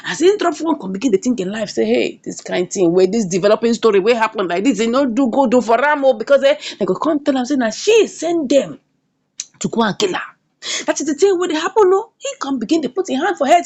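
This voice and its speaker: A woman with a Nigerian accent chats her way through a story recap. Her voice sits high and leaps around expressively. She slips into the characters' lines as she tells it. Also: very animated, fast talker, a little mellow. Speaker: film reviewer. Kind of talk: casual plot recap.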